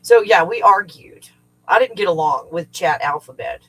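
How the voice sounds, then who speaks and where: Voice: mid-range voice, expressive, normal speed, bright, forceful tone, breathy edge, poor audio. A middle-aged livestream host who teaches remote viewing, talking casually and at length, rambling and swearing freely while venting. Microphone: livestream setup.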